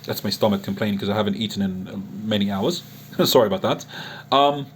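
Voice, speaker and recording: A man's voice: on the low side, brisk, slight background noise. A man addressing a critic in an unscripted online monologue, earnest and emotional, often restarting his sentences. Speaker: online Islamic preacher and chat-room admin.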